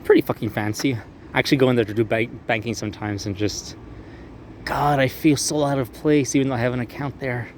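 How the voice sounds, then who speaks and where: A young tour guide vlogger leads a casual outdoor walking tour of a city square, swearing freely, joking around, and mocking historical figures in silly voices when he quotes them. His mid-range voice is steady and a little fast, with some hiss or hum.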